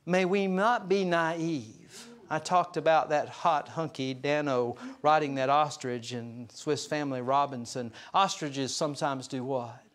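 A man pastor giving a conversational storytelling sermon at a church service, earnest and slowing down to stress his points. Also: a little high. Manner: conversational, chuckles through anecdotes; earnest, slows for emphasis.

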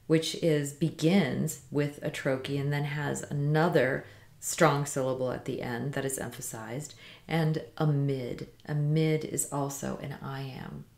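A woman teaching how to write poetry in meter, speaking in a measured way and slowing down to stress the syllables of the lines she reads aloud. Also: low voice, gravelly, a little mellow, roomy sound. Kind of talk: instructional lesson reading poems aloud.

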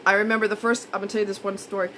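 A woman's voice: medium pitch, flat delivery, rapid-fire, pushed and bright, a little hiss or hum, low-quality recording. A woman vlogger in a casual monologue, blunt and indignant, repeating her points for emphasis.

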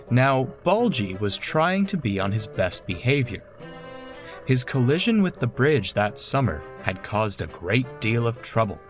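A man reading a children's story as narrator, expressive and scripted. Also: medium pitch.

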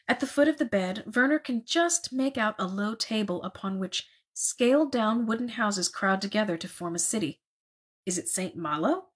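A woman reading a novel aloud in a measured, expressive narrating voice. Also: mid-range voice, slightly rough. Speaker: reader.

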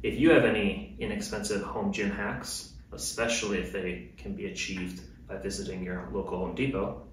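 A man giving a relaxed, upbeat how-to demonstration while handling gear in his home gym. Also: low voice, normal speed. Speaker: fitness vlogger. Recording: very echoey room, distant mic, faint noise.

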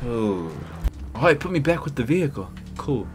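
Excitable young gamer guy, lively voice. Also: medium pitch, moderate pace, noisy background. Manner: excitable, yelling at the game. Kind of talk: let's play commentary. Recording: game music behind.

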